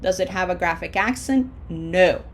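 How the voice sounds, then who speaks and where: In this recorded online lesson, a female Spanish teacher explains language rules patiently and step by step, pausing to pronounce words slowly as models. Her pitch is on the low side.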